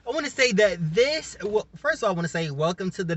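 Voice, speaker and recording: Male vlogger with a Southern US accent, chatty and meandering, talking on his work break; bright, edgy tone. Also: high voice, very animated, fast talker, hardly any pauses, dry recording. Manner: rambling, chatty, restarts and repeats himself. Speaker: YouTube channel host. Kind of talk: casual vlog talk.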